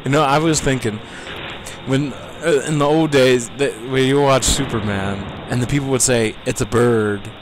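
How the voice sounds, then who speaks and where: A man's voice: mid-range voice, normal speed, noisy background. A man co-commenting on a let's play, rambling through goofy banter. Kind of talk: casual gameplay commentary.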